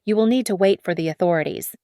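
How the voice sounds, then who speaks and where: A woman's voice: mid-range voice, fast, mellow, dry recording, close to an everyday voice. Brief: woman playing a formal, firm French-accented officer, dry sound. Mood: stern. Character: firm male port official.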